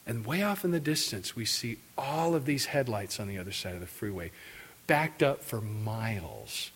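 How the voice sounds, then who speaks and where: A man's voice: medium pitch, moderate pace, husky. Middle-aged male preacher, sermon storyteller who acts out the quotes. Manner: animated storytelling, acting out quotes. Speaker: pastor.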